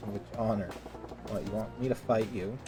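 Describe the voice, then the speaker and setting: A man voicing a brash, cocky ex-gangster nightclub owner with a loud, streetwise manner. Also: lowish voice, normal speed, over music, close to an everyday voice.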